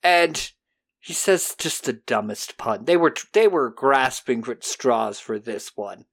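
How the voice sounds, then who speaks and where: Animated, profane podcast recapper. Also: mid-range voice. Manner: animated retelling with quick put-on character voices, profane. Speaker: podcast host. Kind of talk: casual episode recap.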